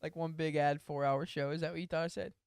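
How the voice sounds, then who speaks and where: A man's voice: fairly high pitch, fairly even intonation, fast, clean tone, no room sound, clean studio sound. A man co-hosting a podcast in goofy, casual banter, swearing freely and slipping into mock voices. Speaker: podcast co-host.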